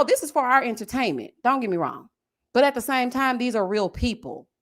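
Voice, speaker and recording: A young woman, telling a personal story on a live stream in a casual, expressive way. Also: high voice. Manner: animated and expressive, drawn-out endearments. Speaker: reality show commentator.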